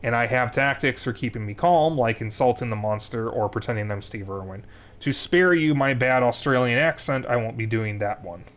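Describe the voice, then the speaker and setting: A man's voice: mid-range voice, moderate pace, fairly bright tone. A young adult man streaming a game, recapping the story and planning his next moves aloud as he plays. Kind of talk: gameplay commentary.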